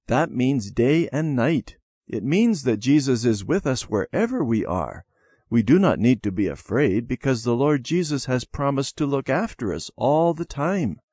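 A man doing a gentle old grandmother. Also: medium pitch, sing-song, measured pace, breathy edge, no room sound, clean studio sound. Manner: gentle, soothing storytelling. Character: kind old grandmother telling a bedtime story.

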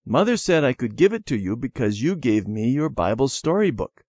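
An eager, friendly young boy from a children's storybook, as a man reads his part. The voice is raised high and boyish. The sound is close and dry. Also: sing-song, moderate pace, darkish tone, no room sound.

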